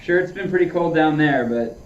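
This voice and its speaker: A man streaming his golf practice chats casually with his audience, narrating his own swings in a fairly high, fairly quick voice. The recording has slight background noise and a roomy, distant, dull lo-fi quality.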